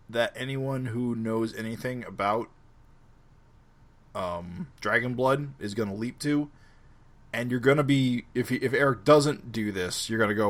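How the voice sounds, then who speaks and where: A man co-hosting a comic book podcast, steadily arguing and explaining his point. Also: mid-range voice. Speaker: podcast co-host. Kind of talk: casual chat.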